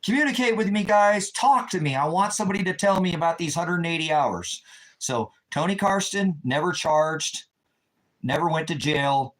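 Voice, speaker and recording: A man's voice: a little high, animated, normal speed, poor audio. A middle-aged man delivering an agitated, ranting monologue to his viewers. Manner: agitated, ranting, shouts in retold quotes. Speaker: ministry video host. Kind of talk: impassioned monologue.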